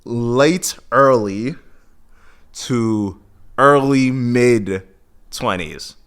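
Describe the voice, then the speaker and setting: A man's voice: mid-range voice, animated, extremely slow, a bit bright, clean tone. A man in his twenties with an American accent, hosting a podcast and rambling casually about running and daily habits, loose and chatty with sighs and self-corrections. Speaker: podcast host.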